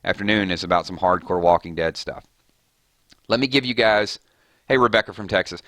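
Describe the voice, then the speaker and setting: A man hosting a casual gaming live stream, chatting loosely with viewers and giving shout-outs, his voice a little hoarse. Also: low-pitched, fairly even intonation, fairly quick, no echo. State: slightly hoarse. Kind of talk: casual live-stream chat over gameplay.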